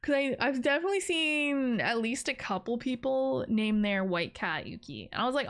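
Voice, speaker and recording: A woman with a slightly high voice chats away on a live stream, rambling from one thought to the next. She giggles often and teases her viewers playfully. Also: expressive, moderate pace. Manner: playful teasing of her chat. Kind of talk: casual live-stream chat.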